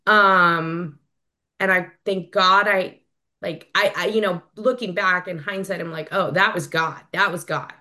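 A woman in her thirties giving a personal share at a recovery meeting, candid and halting, with many fillers and restarts. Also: fairly low pitch, pushed and bright. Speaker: member sharing at a recovery meeting.

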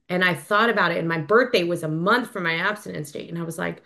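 Lowish-voiced woman in her 30s, sharing her story at a meeting, lots of ums and likes, kinda halting. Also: fairly bright tone. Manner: candid and halting, with many fillers and restarts. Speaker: member sharing at a recovery meeting. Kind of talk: personal recovery share.

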